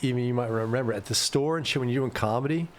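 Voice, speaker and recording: A man's voice: mid-range voice, racing. A man talking in a casual, profane and emphatic way on a comedy podcast. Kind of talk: casual chat. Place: podcast studio.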